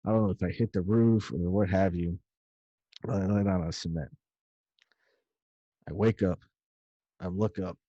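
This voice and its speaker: A man's voice: low-pitched, steady tone, moderate pace, long pauses, warm tone, no echo. A man casually recounting a story of his own in a loose, rambling way, with some swearing. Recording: dull lo-fi dry recording.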